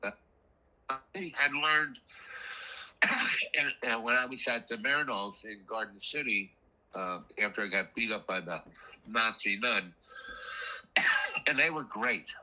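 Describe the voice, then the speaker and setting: A man's voice: lowish voice, slow pace, long pauses, rough recording. An older man telling rambling stories about his past in a casual chat, coughing now and then. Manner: rambling, animated, frequent coughs. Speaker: storyteller guest. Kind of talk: casual storytelling.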